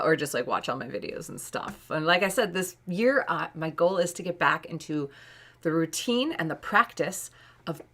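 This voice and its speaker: A woman in her late thirties, with a low and fairly bright voice, chats casually on a live art stream while painting. She rambles and laughs often.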